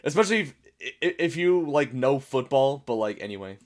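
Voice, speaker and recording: A man's voice: medium pitch, animated, fairly quick. A man hosting a casual reaction video, rambling through chatty explanations and laughing often. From United States. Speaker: YouTube reaction host.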